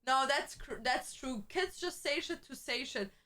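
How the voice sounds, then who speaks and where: A young woman streamer in casual chat, chatty and quick to laugh, swearing freely as she tells stories. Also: sits high, expressive, sharp tone.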